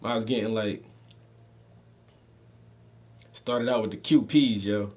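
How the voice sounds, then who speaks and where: A man's voice: on the low side, moderate pace, darkish tone. A man with a mixed Southern and Northern US accent, telling stories in loose, profane street slang and often laughing. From Southern United States. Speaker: podcast host telling stories. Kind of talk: casual storytelling.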